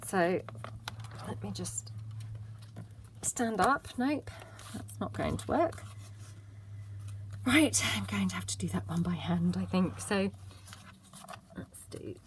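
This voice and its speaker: A woman's voice: lowish voice, slow pace, long pauses, slight background noise. A woman hosting a casual craft tutorial, chatting and muttering to herself as she works, cheerfully self-deprecating.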